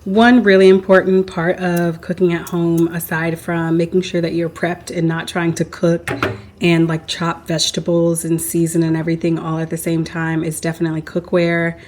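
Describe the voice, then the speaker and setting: A woman's voice: on the low side, completely flat delivery, moderate pace. A woman chatting casually as a home cooking vlogger, rambling along with frequent small laughs. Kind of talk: casual voice-over chat. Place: home kitchen. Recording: clear cooking noise behind.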